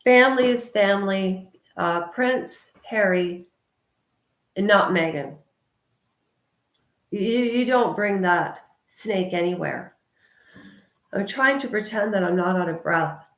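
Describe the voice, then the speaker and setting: A woman vlogger ranting loudly and outspokenly in a casual talk to camera. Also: medium pitch, slow, long pauses, reverberant. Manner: loud and outspoken. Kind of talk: casual opinion rant to camera.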